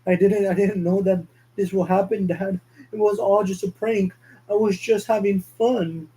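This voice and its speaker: A man's voice: on the high side, flat delivery, moderate pace, dark tone, lightly acted, low-quality recording. A man voicing a guilt-stricken young son who stammers and pleads, his voice raised well above his own. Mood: pleading.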